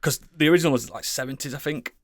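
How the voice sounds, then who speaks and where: A British man co-hosts a laid-back podcast, his slightly high voice coming fast over a dry, clean studio recording. He rambles with enthusiasm, swearing a lot and often restarting his sentences in casual chat.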